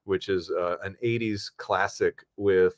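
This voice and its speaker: A man's voice: low-pitched, fairly even intonation, measured pace. A man chatting casually as a podcast co-host, easygoing and rambling with plenty of fillers. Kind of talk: casual film podcast chat.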